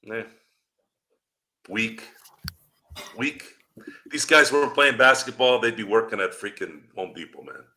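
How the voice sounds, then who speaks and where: Bright-voiced man ranting profanely. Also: fairly low pitch, lively intonation, a little slow, pauses often. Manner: profane, ranting, rhetorical questions. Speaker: podcast host. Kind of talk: postgame fan rant.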